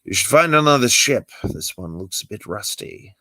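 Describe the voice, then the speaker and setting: A man voicing a dry-witted exiled Jedi master with a sardonic, lively delivery. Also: lowish voice, normal speed, dry recording, exaggerated voice. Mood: wry. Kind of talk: amateur script read-through.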